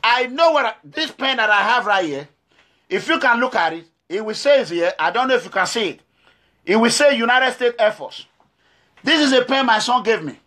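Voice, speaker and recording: A middle-aged activist from Edo State, Nigeria, speaks to camera with a Nigerian accent, in a very high, sharp voice with lively intonation at a moderate pace. His monologue is impassioned and emphatic, full of repetition and rhetorical questions.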